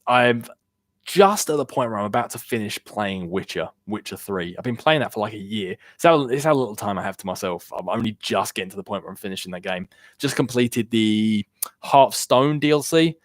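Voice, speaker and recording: A man's voice: on the low side, lively intonation, brisk, no echo, clean studio sound. A young man chatting casually on a gaming live stream, rambling loosely and answering viewer questions from chat. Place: home room. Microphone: worn-out desk microphone.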